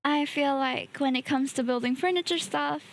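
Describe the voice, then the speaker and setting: A woman streamer chatting casually and easily while building a kit at her home desk, often laughing softly. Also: sits high, moderate pace, creaky, a little hiss or hum.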